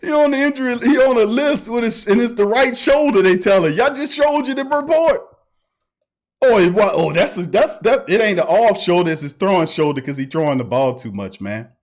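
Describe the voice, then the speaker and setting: High-voiced New man, animated sports talk. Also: fairly quick. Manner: animated, repetitive, emphatic, often laughing. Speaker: sports talk show host. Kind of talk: casual sports talk livestream.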